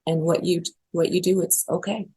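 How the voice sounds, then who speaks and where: A woman's voice: on the low side, little pitch movement, moderate pace, dark tone, breathy edge. A middle-aged woman guest on a podcast interview, speaking earnestly and emotionally. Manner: emotional, earnest, tearful at times. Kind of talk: interview conversation.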